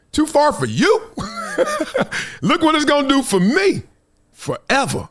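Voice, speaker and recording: Animated high-voiced man hosting sports talk. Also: takes it slowly, long pauses. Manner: animated, swings pitch for put-on quotes, laughs often. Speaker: host. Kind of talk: live sports talk show.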